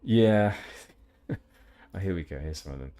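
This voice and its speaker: A young man from Hampshire, England, streams a game and chats casually with viewers, rambling with many fillers and restarts. His deep, mellow voice has lively intonation, and he speaks at a measured pace.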